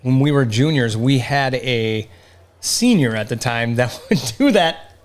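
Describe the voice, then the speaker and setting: A man's voice: mid-range voice, lively intonation, measured pace. A man co-hosting a casual podcast chat who gets emphatic and trails off, then restarts, when worked up. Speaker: podcast co-host.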